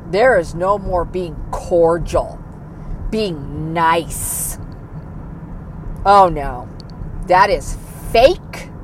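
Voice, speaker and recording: A woman talks slowly in a candid, self-critical monologue, cursing freely and sometimes sinking to a near whisper. Her voice sits a little low. The recording was made outdoors, with clear traffic noise behind her.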